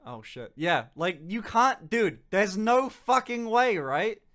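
A man's voice: sits high, big pitch swings, slow, a bit bright. A man chatting casually on a stream, joking, swearing and laughing a lot.

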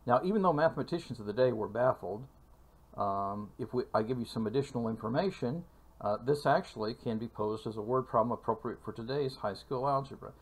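A man teaching a calculus lecture for video, speaking in a measured way with frequent fillers and pauses. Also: medium pitch. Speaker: math lecturer.

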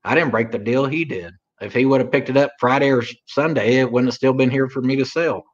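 Man from oklahoma, casual drawling chat, middle pitch, dull lo-fi audio. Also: fast. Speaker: livestream co-host.

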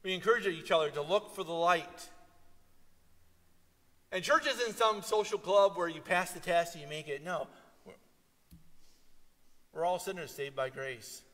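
A male pastor preaching an animated sermon, telling stories and breaking into loud, emphatic calls to his congregation. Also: sits high, unhurried, long pauses, long reverb tail. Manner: animated storytelling with sudden loud emphatic exhortations. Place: church sanctuary.

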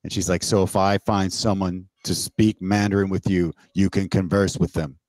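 A man from Canada, a podcast guest, telling a story in casual, animated talk over a remote call, swearing and acting out the exchanges he quotes. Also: sits low, normal speed, dry recording. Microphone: remote call mic.

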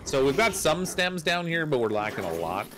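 A man's voice: fairly high pitch, very animated, normal speed, background noise. A man chatting casually while playing a game with a friend, rambling with restarts and little laughs. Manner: rambling, hesitant with restarts and fillers. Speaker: streamer co-player. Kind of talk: casual gameplay chat.

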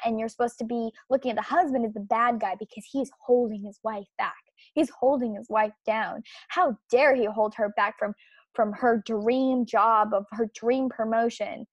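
A woman's voice: on the high side, no room sound. A woman hosting a podcast, giving opinionated commentary in an indignant, emphatic and scornful way. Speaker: podcast host.

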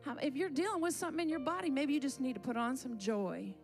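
Brief: high-pitched woman leading church worship, fervent and rallying, soft music underneath. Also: fast talker. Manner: fervent, leads the congregation in laughter. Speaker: worship leader. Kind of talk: church exhortation. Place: church sanctuary.

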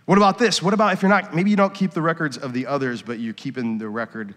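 A middle-aged man gives a sermon in a church, and his fairly high voice rings out into a long hall reverb. He tells personal stories in a hushed, confessional tone and then rises to emphatic, preacherly points. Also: fairly even intonation, fast. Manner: confessional storytelling, swings from quiet to emphatic. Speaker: worship pastor. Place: church sanctuary.

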